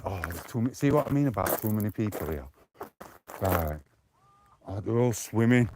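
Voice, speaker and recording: Out on the streets, a British man from the UK walks while live-streaming from his phone, talking to viewers in a rambling, defensive way. His voice is on the low side and expressive, at normal speed, with background noise audible.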